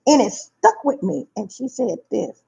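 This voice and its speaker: A woman's voice: fairly high pitch, sing-song, measured pace, creaky, warm tone, slightly rough. A woman, telling a personal story to her viewers in an emphatic way that repeats her phrases. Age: 50s. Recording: dull lo-fi recording.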